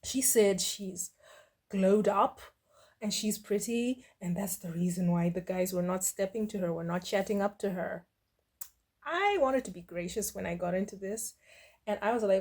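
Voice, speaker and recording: A woman's voice: mid-range voice, a little slow, a little mellow. Sassy middle-aged woman reacting. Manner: sassy, blunt and mocking, with dismissive asides. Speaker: reaction video host. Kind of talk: casual reaction commentary.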